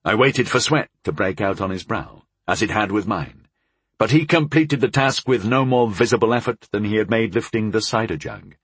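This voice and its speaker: A male narrator with a low, husky voice reads a first-person fantasy tale, his pitch rising and falling widely as he tells it. The sound is dry and close, with no room around it. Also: normal speed, no room sound. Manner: expressive storytelling. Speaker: audiobook narrator.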